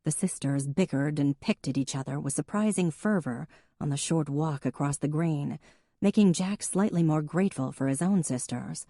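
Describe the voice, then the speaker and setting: A woman reading an audiobook in an even, measured narration. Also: low voice, no room sound, clean studio sound. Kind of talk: scripted narration.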